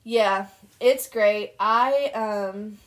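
Animated young woman telling stories. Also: medium pitch, drawn-out words. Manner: animated storyteller, laughs often. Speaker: podcast co-host. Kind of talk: casual chat.

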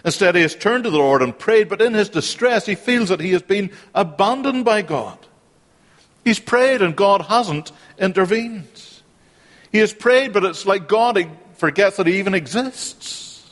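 A man delivers a sermon, his voice sitting a little high for a man. He is earnest and repeats phrases for emphasis, and his words ring out with a long echo in a large hall. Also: expressive, a little slow, a bit bright. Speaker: preacher.

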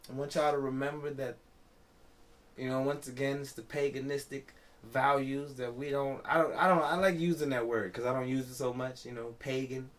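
A man's voice: medium pitch, steady tone, moderate pace. A tipsy man hosting a podcast, rambling casually and profanely, with a constant "you know what I'm saying.". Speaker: podcast host.

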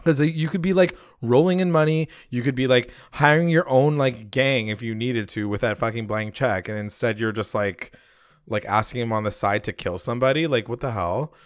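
A man recapping a TV episode in casual chat, animated, swearing often and acting out the characters' lines. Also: mid-range voice, normal speed, smooth, no echo, studio quality. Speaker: podcast host recapping a TV episode.

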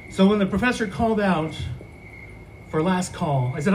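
High-voiced man telling a lively story. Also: moderate pace, long pauses, a little hiss or hum, rough recording. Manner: animated storyteller, laughs often. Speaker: student affairs house advisor. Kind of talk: podcast storytelling.

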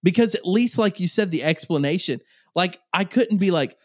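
A man's voice: high voice, expressive, normal speed, no room sound, studio quality. A man who works as a youth pastor, joking and laughing often in a casual chat.

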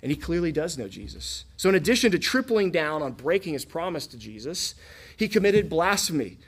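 A man's voice: a little high, big pitch swings, a little fast, husky. A man from Florida preaching a sermon in a casual, conversational way, often asking the listeners questions. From Florida, USA. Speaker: pastor.

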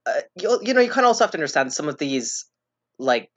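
A man guesting on a casual film podcast, speaking in a measured way with frequent "uh" and "you know". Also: a little high, big pitch swings, a bit bright. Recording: dull, slightly lo-fi audio.

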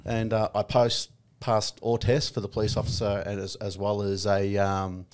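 A middle-aged Australian man, a podcast guest, talking in a relaxed and plainspoken way with lots of ums and uhs. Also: on the low side, normal speed. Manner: relaxed, plainspoken, many fillers. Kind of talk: casual podcast interview.

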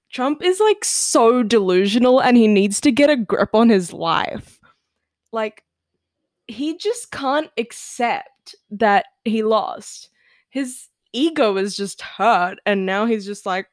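A woman's voice: fairly high pitch, lively intonation, measured pace, no room sound, studio quality. A teenage girl from Australia hosting her own podcast, chatting casually, giggling often and filling her talk with "like". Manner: giggly, chatty, lots of "like" fillers. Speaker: podcast host. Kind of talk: casual solo podcast chat.

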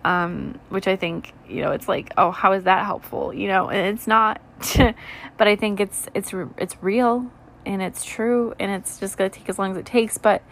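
A tired woman in her twenties, rambling candidly in a soft, low voice during a late-night reflective vlog chat, with lots of "like" and "you know". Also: normal speed, vocal fry. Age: 20s. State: tired, yawning. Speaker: vlogger.

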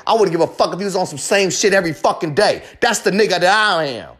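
A man's voice: high voice, expressive, quick pace, a bit bright. A man delivering a confessional monologue in a heated, profane, emphatic rant, hammering home short repeated phrases.

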